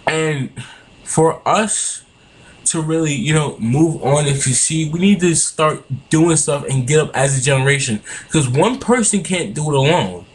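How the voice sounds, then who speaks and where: Young man, webcam rant, cursing, heated, lively pitch, faint background hiss. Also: a little slow. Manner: profane, heated, repetitive. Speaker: vlogger. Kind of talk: angry political rant. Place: home room.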